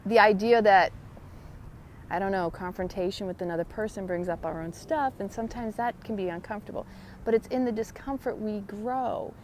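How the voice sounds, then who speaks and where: Woman host, gentle earnest self-help monologue recorded outdoors on a trail, faint traffic behind, mid pitch. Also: a little fast. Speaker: podcast host. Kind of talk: casual reflective monologue.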